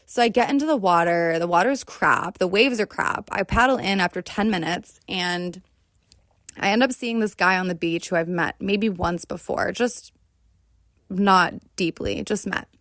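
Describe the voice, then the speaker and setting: A woman from the United States hosts a solo podcast, reflecting in an earnest, confessional way and often checking in with "right?". Her voice is medium-pitched and fairly bright, at a normal speed, recorded clean in a studio with no room sound.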